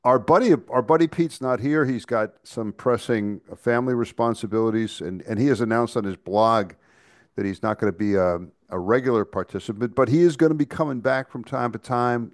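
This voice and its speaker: A man's voice: lowish voice, fairly quick, no room sound, clean studio sound. A man co-hosting a podcast, talking casually and chattily with frequent restarts and stammers. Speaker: podcast co-host. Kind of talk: casual chat.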